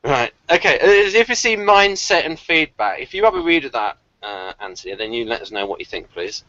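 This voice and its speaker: Animated guy hosting a group call, bright forceful voice, dry dull sound. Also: mid-range voice, fairly quick, no room sound. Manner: animated, laughs often, tries accents for fun. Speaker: channel host. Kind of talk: casual group video call chat.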